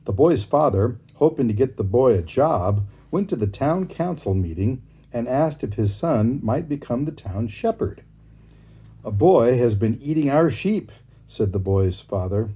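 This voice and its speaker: A man reads fables aloud in a relaxed, easy way, with warm, mellow tone and a slightly husky grain. His pitch moves a lot as he reads, giving the story plenty of lift. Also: moderate pace. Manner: relaxed, easy reading with asides.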